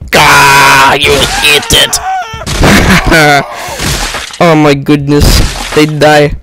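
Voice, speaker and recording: A young man on a headset giving excitable let's-play commentary, yelping and laughing as he plays. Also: on the high side, slow pace, long pauses, background noise. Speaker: gamer.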